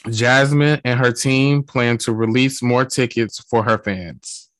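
Slow-talking man host, dry sound. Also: mid-range voice, fairly even intonation, fairly bright tone, no echo. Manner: reads news then asks his guest. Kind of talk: casual chat.

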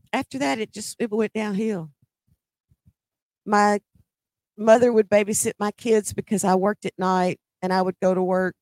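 A woman's voice: on the low side, a little mellow, dry recording. A middle-aged woman telling a personal story in a conversational way, with emphatic quoted dialogue.

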